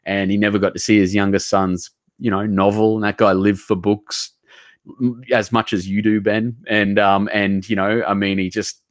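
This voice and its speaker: Earnest Australian man, low voice. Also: level tone, moderate pace, dry recording, studio quality. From Southeast Queensland, Australia. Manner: earnest and heartfelt, rambling with many restarts and casual swearing. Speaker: author guest. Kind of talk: casual storytelling conversation.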